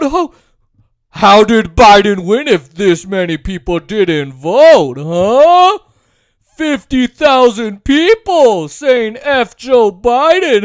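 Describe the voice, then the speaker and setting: Heated high-voiced man ranting. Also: no room sound, studio quality. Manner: heated, sarcastic, rising to shouts. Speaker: political commentator. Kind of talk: casual political rant.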